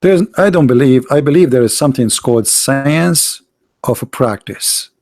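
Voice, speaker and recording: Expressive and speaking at normal speed, a man holds forth as a street debater in a scornful, emphatic monologue, repeating points and shifting from loud outbursts to quiet asides.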